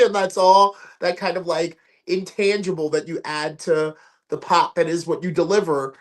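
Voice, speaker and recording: A man who works as a ring announcer, with a raspy voice, chatting casually as a guest and animatedly acting out quotes in changing voices. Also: high-pitched, fairly even intonation, moderate pace. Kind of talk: casual interview chat.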